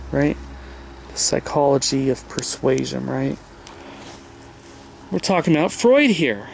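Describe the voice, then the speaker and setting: A man's voice: mid-range voice, vocal fry, slight background noise. A man in his forties giving a loose, digressive talk over slides, often checking in with "right?" and "okay?". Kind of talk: casual lecture.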